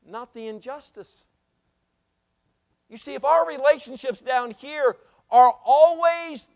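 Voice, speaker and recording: A man preaching a sermon as pastor, swinging from loud exhortation to hushed asides and telling stories from the pulpit. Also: extremely high pitch. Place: church sanctuary.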